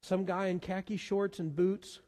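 Man, pastor, sermon, earnest, stumbles and repeats words, somewhat high voice, long church reverb. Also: level tone, measured pace, dark tone. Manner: earnest, repeats words when searching for the next one. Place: church sanctuary.

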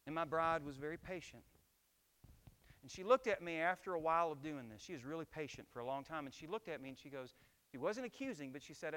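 Middle-aged pastor guy preaching, bright forceful voice, keeps asking the church questions. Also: on the high side, lively intonation, fairly quick, pauses often. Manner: emphatic preaching with rhetorical questions to the congregation. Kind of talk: sermon.

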